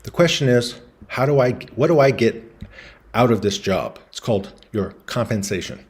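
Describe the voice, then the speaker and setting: A man explaining business concepts in a relaxed lecture, talking through slides and acting out quoted voices in his anecdotes. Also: medium pitch, moderate pace. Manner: casual storytelling, acts out quoted voices.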